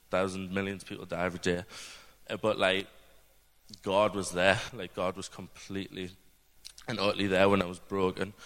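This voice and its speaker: His voice sits low with a fairly bright tone as this young man from the UK rambles earnestly through his church testimony. It's informal and filler-heavy, recorded with long hall reverb.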